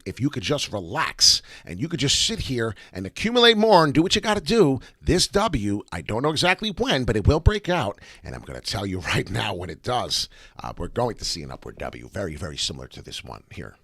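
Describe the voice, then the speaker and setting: Male crypto livestream host, lowish but bright tone, rambling and profane, slight morning rasp. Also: no echo, clean studio sound. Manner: animated, rambling, swears freely. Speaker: crypto chart analyst host. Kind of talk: casual livestream market commentary.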